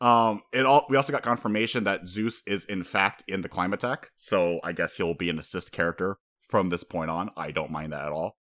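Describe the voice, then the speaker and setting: A man co-hosting a casual chat, excitable and swearing freely, sometimes acting out characters. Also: deep voice, a little fast, hardly any pauses. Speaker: podcast co-host.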